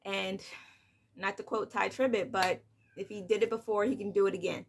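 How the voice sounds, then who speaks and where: A young woman and mother talking softly and haltingly in a personal vlog, holding back tears, with many fillers. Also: medium pitch, creaky, husky. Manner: soft, hesitant, many "like" fillers, on the edge of tears. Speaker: vlogger, mother of two.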